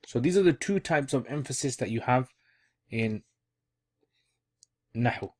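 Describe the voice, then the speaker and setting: A man gives an online Arabic grammar lesson in a relaxed, conversational way. His voice sits at a middle pitch, and he restates key terms and thinks aloud as he explains. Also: unhurried.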